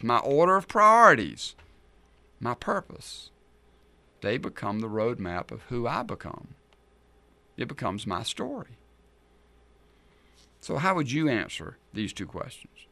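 Middle-aged pastor, chatty sermon, rhetorical questions, crisp and dry. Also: male voice, fairly low pitch, pushed and bright, no room sound. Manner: conversational preaching, rhetorical questions.

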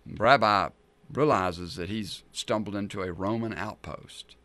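Middle-aged pastor, chatty sermon, rhetorical questions, crisp and dry. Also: male voice, lowish voice, unhurried, sharp tone, no echo. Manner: conversational preaching, rhetorical questions.

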